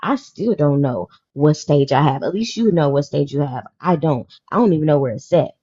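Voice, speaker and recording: A woman's voice: deep voice, animated, moderate pace, mellow, husky, muffled recording. A woman in her thirties hosting a podcast panel, talking in an emotional, emphatic way and repeating her points. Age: 30s. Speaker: podcast host. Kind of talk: casual panel chat.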